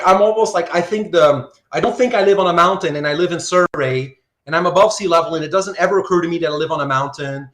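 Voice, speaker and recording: A man's voice: fairly high pitch, a bit bright, reverberant. A man teaching a philosophy class online, talking casually, reading out student comments and checking in with "right?" after nearly every point. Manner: conversational, asks "right?" often, reads student comments aloud. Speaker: philosophy lecturer. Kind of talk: live online lecture. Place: Surrey, Canada.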